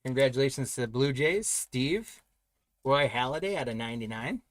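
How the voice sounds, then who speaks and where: A man's voice: mid-range voice, lively intonation, normal speed, dry recording. A man hosting a live trading card break, announcing pulls and congratulating buyers in an upbeat, chatty way.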